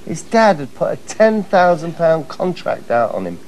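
A man's voice: fairly high pitch, very animated, moderate pace, a little mellow, poor audio. A man hosting a comedy show, introducing clips with mock-dramatic asides and frequent laughter. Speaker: host presenting clips. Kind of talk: comic presenting.

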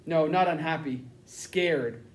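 A man narrating a novel in the first person with steady storytelling. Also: fairly high pitch, slow pace. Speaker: audiobook narrator. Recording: roomy echo.

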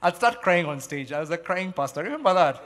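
A middle-aged man preaching a sermon as pastor, emphatic and animated, repeating key phrases as he tells stories. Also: fairly high pitch, fairly quick. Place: large church hall. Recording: long church hall reverb.

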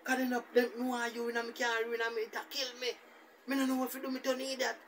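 A man's voice: very high voice, quick pace, distant mic. Jamaican man, vlogger, rambling casual story, faint background noise. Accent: Jamaican Patois. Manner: rambling, repetitive, animated retelling.

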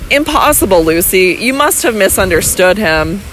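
A woman's voice: mid-range voice, very animated, normal speed, fairly bright tone, a little hiss or hum, poor audio. A woman voicing a doting older male baronet, fond and reassuring, sometimes blustering, read close to her own voice. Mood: troubled.

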